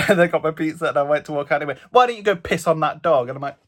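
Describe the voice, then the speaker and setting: A man's voice: a little high, rapid-fire. Chatty British guy recapping travels. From England. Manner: chatty, animated storytelling with lots of "like". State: stuffy nose. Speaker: vlogger. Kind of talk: casual travel vlog recap.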